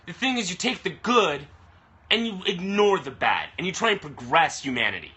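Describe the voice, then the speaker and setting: A man's voice: high voice, very animated, normal speed, sharp tone. A man ranting on a live stream, frustrated and swearing heavily as he talks to the camera. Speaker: vlogger. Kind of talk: angry live-stream rant. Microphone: camera mic. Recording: phone or webcam live stream.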